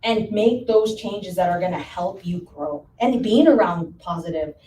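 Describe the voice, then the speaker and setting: Animated woman telling a story in an echoey room. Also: fairly low pitch, measured pace. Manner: lively storyteller who acts out quotes and laughs easily. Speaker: real estate agent. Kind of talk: panel talk, telling a story. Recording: roomy, from far off, faint room noise.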